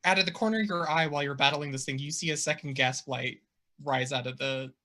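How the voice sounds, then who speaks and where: A man's voice: a little high, quick pace, sharp tone. A man running a tabletop role-playing game as dungeon master, narrating the action playfully.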